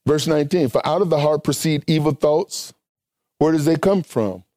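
A man's voice: a little high, normal speed, dark tone, no echo. A man preaching a sermon, mixing scripture readings with folksy asides.

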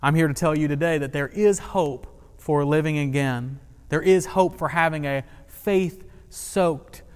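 A man's voice: on the high side, in a large hall. A man preaching a sermon in a conversational way, with humor and questions to the congregation. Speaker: pastor.

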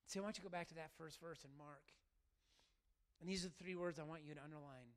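A man preaching a sermon to his church, animated and talking straight to the congregation. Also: on the high side, fast. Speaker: pastor.

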